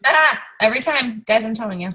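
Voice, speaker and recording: A woman leading a team training on a video call, chatty and rambling, with fillers and quick bursts of speech. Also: on the high side, animated, bright, forceful tone, a little hiss or hum, rough recording. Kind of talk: casual chat.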